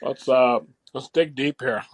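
A man's voice: mid-range voice, steady tone, unhurried, no room sound. A man co-hosting a comedy podcast, chatting casually, laughing often and trying out celebrity impressions. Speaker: podcast co-host.

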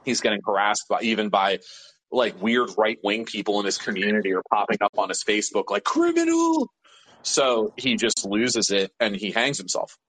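A man from Pittsburgh tells an animated story as an interview guest, swearing heavily and leaning on fillers. His fairly low voice is slightly rough and moves fairly quickly. The recording is rough too.

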